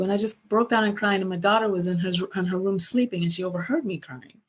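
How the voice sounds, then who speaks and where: A woman's voice: medium pitch, quick pace, breathy edge. A middle-aged woman coaching business owners over a webcam call, speaking conversationally. She tells stories with animation and drifts through several examples before returning to her point. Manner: animated storyteller, acts out remembered dialogue. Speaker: business coach presenting at a virtual summit. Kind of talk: conversational webinar presentation.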